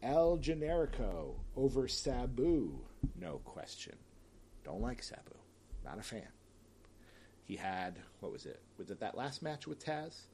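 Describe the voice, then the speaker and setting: A man's voice: medium pitch, very animated, measured pace, warm tone, a little hiss or hum. A man talking casually on his own, picking winners of wrestling matchups with chatty, opinionated asides and the odd sigh. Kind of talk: casual solo commentary.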